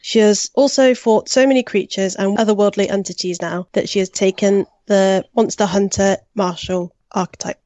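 A woman reads through a prepared introduction of her game character, steady and even, with the odd uh as she corrects herself. Her mid-pitched voice comes through a close, dry, slightly dull lo-fi mic. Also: normal speed, hardly any pauses, dry recording. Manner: steady, lightly scripted, occasional uhs. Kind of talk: read-out podcast introduction.

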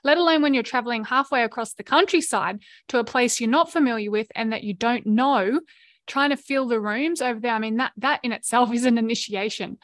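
Earnest Australian woman, fairly high voice. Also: fairly bright tone, no room sound, clean studio sound. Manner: earnest and emotionally open, with quick asides. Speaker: podcast host. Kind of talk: candid personal storytelling monologue.

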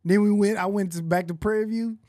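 A man hosting a casual podcast who laughs often and talks fast when he gets excited. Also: high voice, no room sound, studio quality. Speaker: podcast host.

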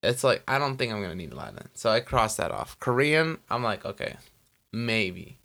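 With big pitch swings in a medium-pitched, slightly bright voice, this man talks briskly as a podcast co-host. The casual Los Angeles chat rambles, full of "like" and "you know."

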